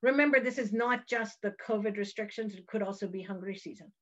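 A woman's voice: mid-range voice, a little fast, muffled recording. A woman presenting research findings in an explanatory way, with fillers and self-corrections. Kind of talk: academic talk excerpt.

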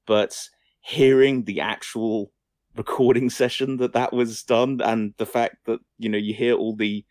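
A man's voice: mid-range voice, fairly even intonation, measured pace, a little mellow, dry recording, clean studio sound. A young man co-hosting a casual film-news podcast, rambling, swearing lightly and often abandoning sentences halfway. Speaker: podcast co-host.

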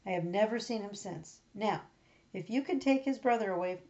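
A woman's voice: medium pitch, normal speed, darkish tone, lightly acted. A woman reading out the part of a pleading older brother in an earnest, plain reading voice with small slips. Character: pleading male elder brother. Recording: dull lo-fi recording.

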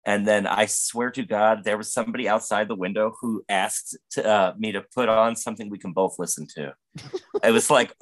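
A fairly low-pitched man talks at a brisk pace, rambling through a profane, funny story during casual podcast chat. Fillers pop up often, and he may be the host or a guest.

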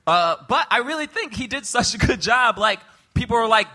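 A man co-hosting a live movie review podcast, excitable and jokey, often talking over the others. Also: very high-pitched, normal speed. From Texas. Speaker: podcast co-host. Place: live show venue with audience.

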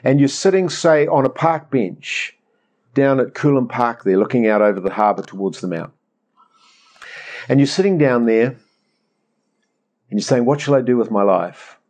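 Casting: middle-aged New pastor, chatty, animated, mid-pitched man. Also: measured pace, long pauses. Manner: animated, rambling storyteller acting out prayers. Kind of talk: conversational sermon.

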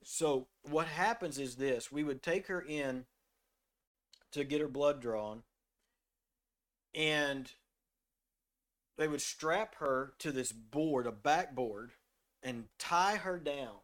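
A middle-aged man talks about faith in an earnest, storytelling manner, his voice sitting a little above the usual male pitch. He now and then reads scripture aloud in the same conversational way. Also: slow, long pauses. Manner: earnest, storytelling, drops to a soft voice when quoting himself. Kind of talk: faith discussion, reading scripture.

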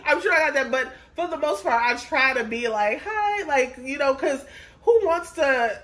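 A woman's voice: sits high, normal speed, a bit bright. A young woman co-hosting a podcast, teasing and laughing as she chats and quotes people. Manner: teasing, laughing, quoting people in put-on voices. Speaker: podcast co-host. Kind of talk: casual chat.

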